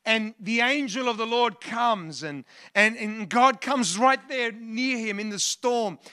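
A man preaches a sermon to a church congregation. His voice sits high for a man and rings bright. He often restarts phrases and calls out for the congregation's response. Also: slow pace, clear, resonant tone. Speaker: pastor.

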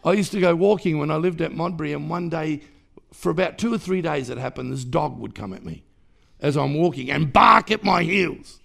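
A man preaching a sermon in a church, his voice carrying heavy fry and a gravelly edge. He builds emphatic, rhythmic runs of repeated phrases and lifts sharply in volume on the key lines. His pitch sits a little above most men's. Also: brisk, fairly bright tone. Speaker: pastor.

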